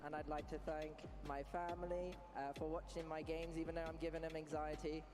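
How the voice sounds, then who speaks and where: A man's voice: on the high side, level tone, brisk, music in the background. A man giving an earnest, grateful thank-you speech after a match. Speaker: player.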